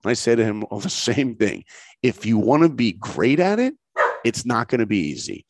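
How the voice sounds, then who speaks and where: A man in his forties from New York, a guest telling motivational stories in a punchy, animated way. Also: medium pitch, normal speed, no echo. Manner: animated, punchy, acts out dialogue. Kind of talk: motivational storytelling.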